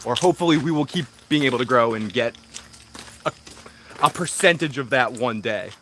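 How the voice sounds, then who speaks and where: A man's voice: medium pitch, expressive, normal speed, fairly bright tone, slight background noise. A man in his thirties hosting a casual livestream from home, rambling and self-deprecating, swearing freely and laughing often while he reads viewer comments. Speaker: livestream host.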